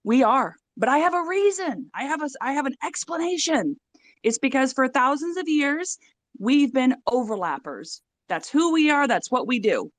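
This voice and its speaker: A woman in a casual call-in chat, telling a joke with lively storytelling. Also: high voice, normal speed, dry recording. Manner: animated storytelling joker.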